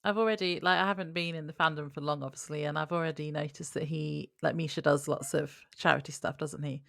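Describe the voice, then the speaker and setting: A woman's voice: low voice, steady tone, fast talker, gravelly, fairly bright tone, no echo, studio quality. A woman co-hosting a podcast, chatting in an easygoing, agreeable way. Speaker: podcast co-host. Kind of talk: casual chat.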